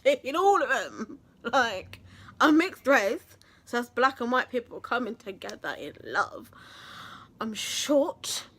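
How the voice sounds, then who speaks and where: A woman's voice: on the high side, big pitch swings, slow, sharp tone. A woman, telling a story in a casual vlog, chatty and self-mocking with some swearing. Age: 20s. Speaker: vlogger and actress.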